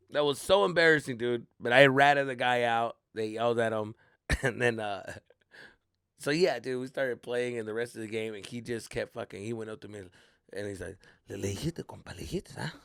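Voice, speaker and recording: A man's voice: clean tone, no room sound, clean studio sound. A man hosting a comedy podcast, telling a story casually and profanely, with Spanish slang mixed in. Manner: animated, acts out quoted people in high voices.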